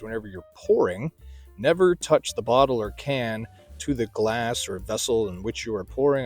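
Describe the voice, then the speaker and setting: A man's voice: medium pitch, a little mellow. A middle-aged man hosting a casual beer review outdoors at night, talking in a chatty, folksy way with rambling asides. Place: outdoor beer garden at night under a spotlight.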